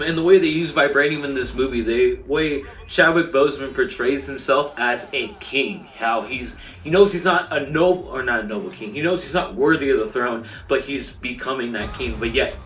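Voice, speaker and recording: A man's voice: fairly high pitch, sharp tone, recorded from a distance. A young man giving a casual, enthusiastic film review, rambling with lots of fillers and restarts. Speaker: movie reviewer. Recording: roomy, off-mic sound with faint music.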